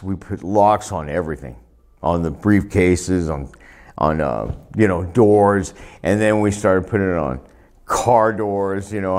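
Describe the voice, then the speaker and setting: A retired wrestler telling profane, laughing stories in a sit-down interview, recorded on a lapel mic indoors. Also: male voice, lowish voice. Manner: profane, laughing, animated anecdotes. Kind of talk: storytelling shoot interview.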